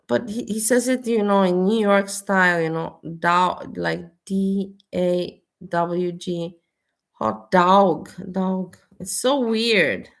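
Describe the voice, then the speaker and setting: Woman, American accent, mid pitch, casual reaction commentary, chatty, lots of fillers. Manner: chatty, warm-hearted, lots of "you know" and "like". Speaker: vlogger reacting to a video.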